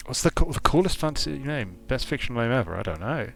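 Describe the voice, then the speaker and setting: A man's voice: medium pitch, sing-song, quick pace, vocal fry, a bit bright. A man giving casual commentary while playing a strategy game, thinking aloud with frequent restarts and repeated words. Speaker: streamer and game designer.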